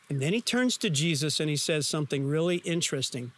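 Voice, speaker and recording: A man's voice: fairly high pitch, lively intonation, brisk, few pauses, fairly bright tone. A man preaching a sermon. He tells the story vividly and emphatically and puts questions to his listeners. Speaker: pastor.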